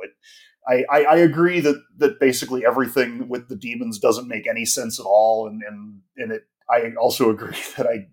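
Guy on a podcast, middle pitch, chatty and opinionated, keeps restarting himself. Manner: animated, opinionated, lots of "like" and restarts. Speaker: podcast co-host. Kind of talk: casual podcast discussion.

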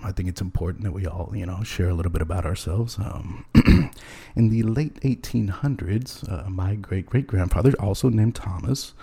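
A man's voice: low-pitched, vocal fry, dark tone, slightly rough. A man hosting a casual podcast, talking in a rambling, hesitant way full of ums and chuckling at his own jokes. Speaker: podcast host.

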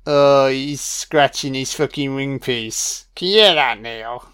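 A man's voice: mid-range voice, slow pace, a bit bright, clear, resonant tone. A man giving a casual, profane audio commentary on a film, chatting loosely and laughing often.

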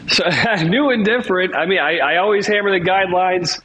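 A man's voice: high voice, a little fast, bright, forceful tone, low-quality recording. A man, a mortgage broker co-host on a radio talk show, jokey and emphatic.

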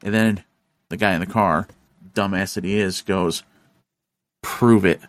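A man hosting a podcast, telling a story in casual chat, animated and profane, acting out the voices of the people in it. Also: low-pitched, moderate pace, no room sound. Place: studio.

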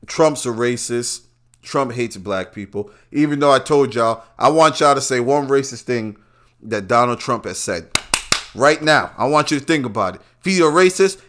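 Brash profane New man ranting. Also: mid-range voice. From Brooklyn, New York. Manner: brash, loud and rambling, swings between soft asides and shouts. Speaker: podcast host. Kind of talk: profane casual commentary monologue.

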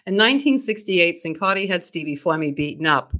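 A podcast co-host with a Boston accent narrating true crime history, brisk, with blunt, profane asides. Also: mid-range voice, expressive, bright, forceful tone.

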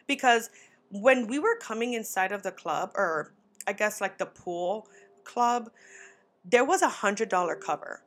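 A young woman at a medium pitch spins a casual story for her podcast. She talks loosely and animatedly, full of 'like' and the odd swear word. She jumps her voice up whenever she acts out what someone said. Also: animated, unhurried. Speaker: podcast host.

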